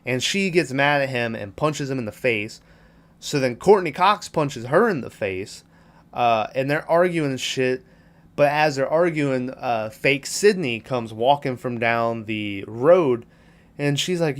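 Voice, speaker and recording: Man, podcast host, casual movie recap, swearing, rambling, mid-pitched voice. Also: lively intonation, unhurried. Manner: profane, rambling retelling with quoted lines.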